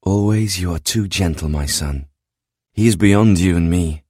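A man's voice: deep voice, unhurried, breathy edge, no room sound, clean studio sound. A man voicing a stern ethereal goddess mother. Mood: admonishing. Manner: calm, admonishing, formal speech.

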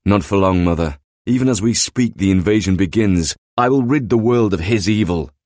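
A man's voice: sits low, darkish tone, no room sound, studio quality. A man voicing a solemn, sorrowful godlike male warrior who speaks in grave, formal sentences. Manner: grave, formal, measured speech.

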